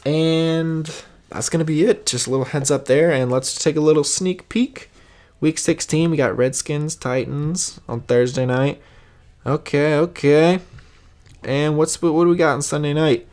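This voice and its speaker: A young man casually talking through his sports picks on his own channel, rambling, correcting himself and jumping into excited high-pitched outbursts. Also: moderate pace. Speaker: sports vlogger making game predictions. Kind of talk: casual solo prediction video.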